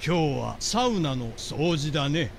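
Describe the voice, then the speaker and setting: Gravelly bathhouse coworker from a game, matter-of-fact, little room hum. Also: male voice, fairly high pitch, lively intonation, fairly quick.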